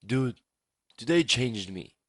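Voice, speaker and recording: A man voicing his stoned young friend, slow, wondering and dead serious. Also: mid-range voice, animated, dry recording, clean studio sound, lightly acted. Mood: dazed.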